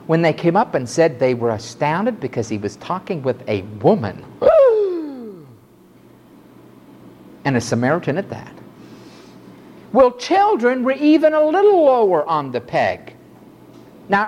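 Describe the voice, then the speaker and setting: A man preaching a fiery sermon to a congregation, swinging from loud outbursts to low, quiet asides. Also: huge pitch swings, moderate pace, slight background noise. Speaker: pastor.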